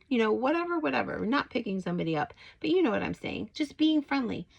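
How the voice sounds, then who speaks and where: A fast-talking middle-aged woman with a high-ish, gravelly voice and a breathy edge barely pauses, heard on a rough recording. This Christian faith vlogger chats through a personal story with frequent fillers, gets excited retelling greetings, and makes it devotional.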